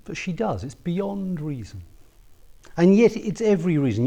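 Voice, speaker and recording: Earnest male preacher, mellow voice. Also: sits high, very animated, normal speed, lo-fi sound. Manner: earnest, builds to emphatic peaks then drops soft. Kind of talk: sermon.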